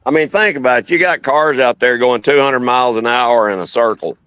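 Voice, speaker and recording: A man's voice: medium pitch, a little fast, a bit bright, smooth. A man, plain-spoken and folksy in casual talk-show chat. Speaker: co-host.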